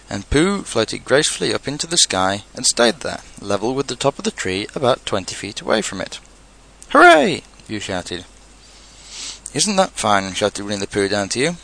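Man reading a kids' story, gravelly voice, lots of ups and downs. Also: lowish voice, fairly bright tone, rough recording.

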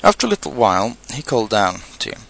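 A man narrates a children's storybook in an unhurried manner. His voice has a gravelly texture and moves through a lively range of pitch, and he drops into quiet asides between the characters' lines. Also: rough recording. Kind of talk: storybook reading.

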